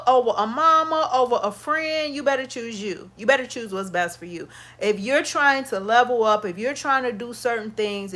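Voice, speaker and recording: A woman, chatting bluntly and profanely to her viewers in a casual livestream. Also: on the high side. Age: 50s. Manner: blunt, animated and profane, talks straight to viewers. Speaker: makeup vlogger.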